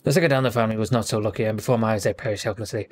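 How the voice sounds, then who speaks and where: A man putting on a gruff ghost pirate. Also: on the low side, rapid-fire, a little hiss or hum, close to an everyday voice. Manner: reads quest text aloud in a put-on pirate voice. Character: ghostly old male pirate sailor, gruff.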